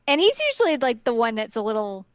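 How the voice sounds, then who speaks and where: A woman co-hosting a laid-back podcast, trading wry remarks and frequent laughs with her partner. Her voice sits a little higher than most. The sound is dry and close, with no room around it. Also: sing-song, quick pace, clear, resonant tone, dry recording. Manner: laughs often, chatty and wry. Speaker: podcast co-host. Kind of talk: casual chat.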